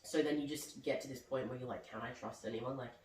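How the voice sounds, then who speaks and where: A man's voice: mid-range voice, steady tone, fast, darkish tone. A young man, chatting casually as a podcast guest and rambling with lots of "like". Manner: rambling, heavy use of "like". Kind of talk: casual chat. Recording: roomy echo, distant mic, faint background noise.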